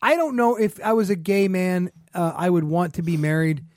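Man giving calm counterpoints on a talk show. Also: high voice, dry recording, clean studio sound. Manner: measured, pushes back calmly. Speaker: podcast co-host. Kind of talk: casual discussion.

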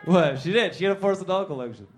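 High-voiced rambling stand-up comedian. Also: male voice, animated, racing, soft background music. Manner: rambling, joking, talks to the crowd. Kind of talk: stand-up comedy with crowd work.

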